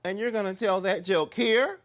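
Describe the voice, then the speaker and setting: A man playing a sassy, sharp-tongued drag queen who drawls cutting put-downs in a stand-up routine. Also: fairly low pitch, animated, moderate pace. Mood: dismissive. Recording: noisy recording.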